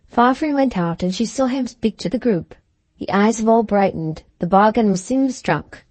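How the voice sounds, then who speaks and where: A woman narrating a classic novel as an audiobook in a steady, measured reading. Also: fairly high pitch, dry recording.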